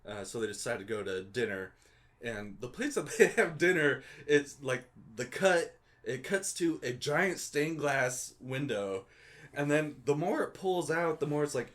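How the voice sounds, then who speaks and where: A man's voice: fairly high pitch, animated, measured pace, a bit bright. Laughing man recapping a movie. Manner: laughs often while recapping, loose and amused. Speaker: podcast co-host. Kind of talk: casual movie recap chat.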